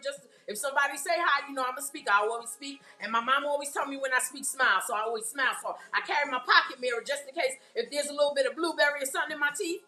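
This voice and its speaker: Brooklyn woman poet, chatty live host who keeps asking the audience "right?", a high voice. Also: bright, forceful tone, echoey room. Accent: Brooklyn New York. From Brooklyn, New York. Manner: chatty, often checks in with the audience. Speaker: poet hosting a live stream. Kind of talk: casual live-stream talk.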